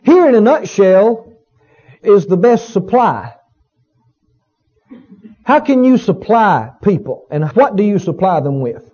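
A man's voice: high-pitched, big pitch swings, slow pace, long pauses, dark tone, husky. A male pastor preaching a sermon in a folksy, emphatic way, often repeating his phrases for weight. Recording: dull lo-fi recording.

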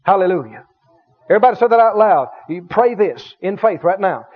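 A man's voice: high voice, animated, a little fast, slightly rough. A man preaching a sermon as a pastor, with emphatic delivery that stretches out key words and calls the congregation to respond. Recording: dull lo-fi sermon recording.

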